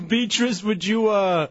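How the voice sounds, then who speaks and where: A man's voice: high voice, slow pace, dry recording. A man hosting a radio show, joking with callers in casual banter. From Chicano American. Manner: joking, takes calls. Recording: dull lo-fi broadcast.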